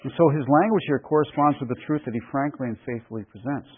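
A man preaching a verse-by-verse sermon in an emphatic, deliberate way, repeating key phrases for weight. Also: mid-range voice, breathy edge. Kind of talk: expository sermon. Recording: phone-like radio broadcast.

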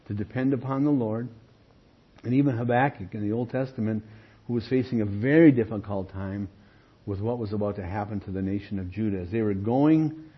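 A man's voice: mid-range voice, breathy edge. A male pastor teaching an evening Bible study, explaining verses and often checking in with "okay?". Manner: explanatory, keeps asking "okay?". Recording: dull lo-fi recording.

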